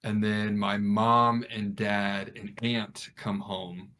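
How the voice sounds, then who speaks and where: A man's voice: fairly low pitch, takes it slowly. Young man telling a wild story. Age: young adult. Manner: animated, acts out what people said. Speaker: podcast co-host. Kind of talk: casual storytelling among friends.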